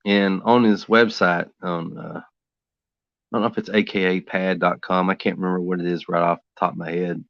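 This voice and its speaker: Easygoing low-voiced man, dull dry sound. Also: steady tone, normal speed, vocal fry, no room sound. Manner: rambling, easygoing, talks to himself while working. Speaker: artist streaming a drawing session. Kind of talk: casual chat while drawing live.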